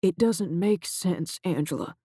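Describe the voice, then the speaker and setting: A male narrator voicing a shaken agency director who speaks in a quiet, halting, grave way. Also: high voice, breathy edge, no echo, clean studio sound. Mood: grim.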